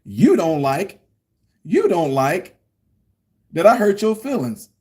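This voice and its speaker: Emphatic high-voiced man ranting. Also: very animated, slow, dark tone. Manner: emphatic, preachy, repeats points. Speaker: political commentary vlogger. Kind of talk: casual commentary rant.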